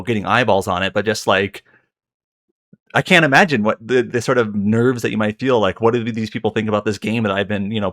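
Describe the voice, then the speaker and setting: A man's voice: lowish voice, fairly bright tone. A man co-hosting a casual podcast, rambling through his account with many fillers and self-corrections. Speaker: podcast co-host.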